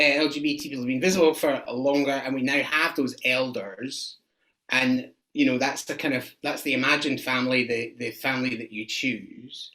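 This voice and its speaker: A man's voice: mid-range voice, bright, forceful tone, poor audio. A man interviewing a guest, asking questions with many hesitant fillers.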